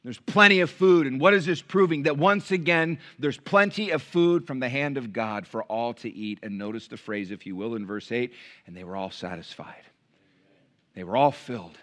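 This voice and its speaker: A man's voice: medium pitch, moderate pace, fairly bright tone. A man from the United States preaching to his congregation as pastor, building his points with rising emphasis and direct questions to the church. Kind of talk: sermon.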